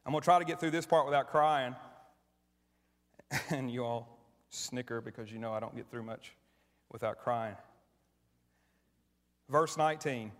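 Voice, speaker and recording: A man's voice: medium pitch, measured pace, long pauses. A middle-aged man preaching a sermon as pastor, conversational and emotional, often restarting his sentences. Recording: church hall with long reverb.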